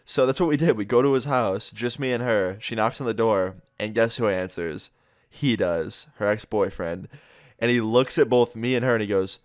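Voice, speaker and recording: A young man casually tells his vlog audience a story, animatedly acting out what the people in it said. His voice is fairly low, brisk and smooth, recorded in clean studio sound without echo.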